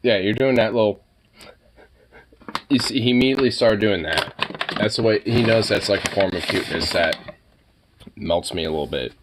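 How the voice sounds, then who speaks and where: A man's voice: lowish voice, normal speed, pauses often, noisy background. A young man chatting casually as he reacts to pet pictures, swearing, exclaiming and laughing often.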